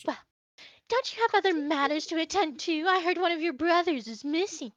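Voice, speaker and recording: A woman's voice: very high voice, lively intonation, brisk, fairly bright tone, lo-fi sound, voice pushed up. A woman voicing a proud, prickly young male noble who fans himself and snaps back at insults. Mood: haughty. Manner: haughty, defensive.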